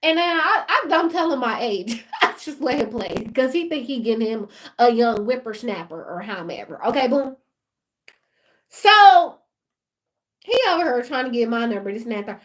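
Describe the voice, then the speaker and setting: High-voiced woman telling a lively story. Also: moderate pace. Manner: animated, laughing, talks straight to viewers. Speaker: vlogger. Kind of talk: casual storytime rant.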